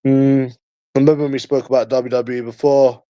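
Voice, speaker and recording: A man's voice: medium pitch, level tone, moderate pace, dark tone, dry recording. A man with a London accent in casual chat, teasing and slangy, repeating himself often. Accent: London English.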